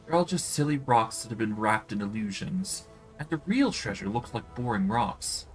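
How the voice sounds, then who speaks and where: A man's voice: medium pitch, big pitch swings, normal speed, faint music behind, close to an everyday voice, rough recording. A man voicing a vain, petulant female demon queen in a video game, whiny and clumsily flirtatious. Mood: smug. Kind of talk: reading game dialogue aloud on stream.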